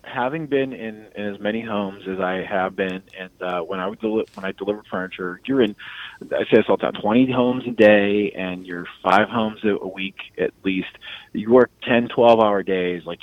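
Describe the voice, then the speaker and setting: A man casually telling a long, profane story with animated laughter, as a podcast host. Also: on the low side, normal speed. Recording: tinny phone-like sound, dry.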